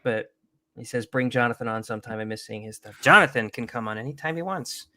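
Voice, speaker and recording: A man's voice: mid-range voice, fairly quick, no echo. A man co-hosting a casual livestream chat, joking and swearing freely. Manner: joking, swears freely, slips into loud accent impressions. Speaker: podcast co-host.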